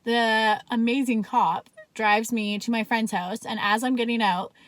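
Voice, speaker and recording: A woman's voice: fairly high pitch, steady tone, unhurried, no room sound. A young woman telling a story in a casual vlog, talking chattily with constant "like" fillers and plenty of swearing. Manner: chatty, fills speech with "like", swears freely.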